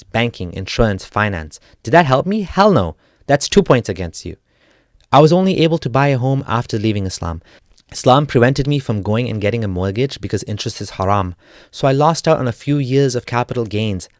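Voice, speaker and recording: A man with a somewhat low voice argues point by point, cutting and sarcastic. The recording is dry and close, with no room sound. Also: no room sound. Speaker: ex-Muslim YouTuber. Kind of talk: argumentative response monologue.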